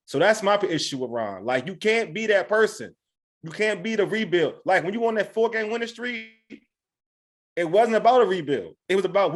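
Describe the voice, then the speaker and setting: A man's voice: high voice, lively intonation. A man hosting a sports radio show, talking in a loose, conversational way. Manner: fast, loose and conversational, quick agreement. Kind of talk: casual sports radio talk.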